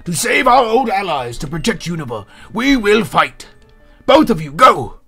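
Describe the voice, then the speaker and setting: A man voicing a remorseful former villain who speaks slowly and gravely in a husky, fairly high voice that rises and falls widely. Faint game music plays underneath. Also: very animated, sharp tone, exaggerated voice. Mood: resolute. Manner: slow, grave reading of game dialogue.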